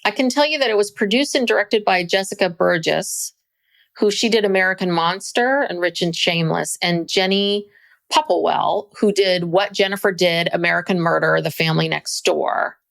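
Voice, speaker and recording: Gravelly-voiced woman podcast co-host. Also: on the low side, normal speed, fairly bright tone. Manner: thoughtful, agreeing, with hesitant fillers. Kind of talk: casual chat about a documentary.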